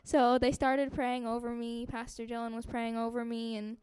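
A young woman giving a personal testimony to a church group, soft and halting, with many fillers and sighs. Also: a little high, completely flat delivery, clear, resonant tone.

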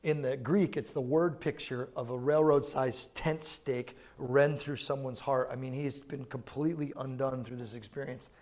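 A man's voice: medium pitch, steady tone, moderate pace, hardly any pauses, a little mellow. A man preaching a sermon in a chatty, informal way, full of asides to the congregation. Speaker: pastor. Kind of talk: conversational sermon.

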